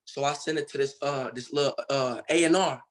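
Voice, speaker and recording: Speaking a little fast at a medium pitch, a young guest artist from Cincinnati, Ohio, recounts his story during a relaxed interview. He keeps it slangy and loose, with lots of fillers.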